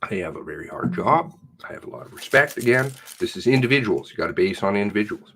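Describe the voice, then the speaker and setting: A man's voice: on the low side, expressive, fast, a bit bright, breathy edge. A man giving rambling, profane commentary while reading through material, muttering to himself and then flaring up. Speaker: independent online investigator.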